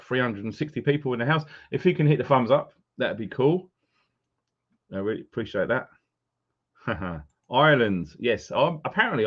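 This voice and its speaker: A man hosting a live stream, casually greeting viewers by name as they join. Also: on the low side. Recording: dull lo-fi sound.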